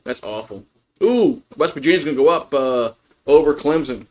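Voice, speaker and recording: A man's voice: fairly high pitch, lively intonation, normal speed. Rambling man calling a game. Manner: rambling, chatty, many fillers and restarts. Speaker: fan play-by-play host. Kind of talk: casual livestream play-by-play commentary.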